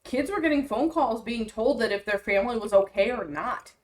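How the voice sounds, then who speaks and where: A woman's voice: a little high, expressive, fairly quick. A woman in her thirties co-hosting a podcast, telling a story in an easygoing, casual way. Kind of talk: casual chat.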